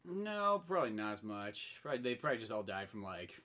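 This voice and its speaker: A young podcast co-host tells a movie plot in an excitable, rambling rush, full of fillers. His voice is bright and his pitch swings widely. He talks at a racing clip. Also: brisk. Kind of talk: casual chat, retelling a film plot.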